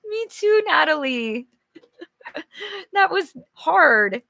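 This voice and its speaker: Female English teacher, animated and chatty, slow delivery, dry close recording. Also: sits high, creaky, no room sound. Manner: giggly, animated, chatty with viewers. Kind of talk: live storybook reading with chat.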